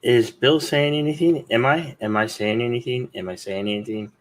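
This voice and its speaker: A man's voice: medium pitch, normal speed. A man hosting a casual chat, playful and goofy, slipping into silly voices and quotes. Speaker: stream host.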